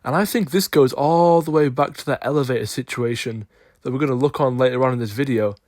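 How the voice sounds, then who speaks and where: A man's voice: mid-range voice, fast talker, darkish tone, no echo, studio quality. A man giving opinionated sports commentary, emphatic and insistent as he argues his case.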